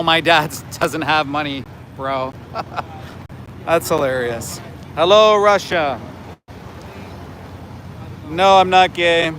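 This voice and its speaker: A man's voice: fairly high pitch, a bit bright, slight background noise. Sarcastic man livestreaming outdoors. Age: 40s. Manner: sarcastic, scolding, talks back to chat. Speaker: livestreaming activist. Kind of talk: livestream chat with viewers. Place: outdoors near a slaughterhouse by homes.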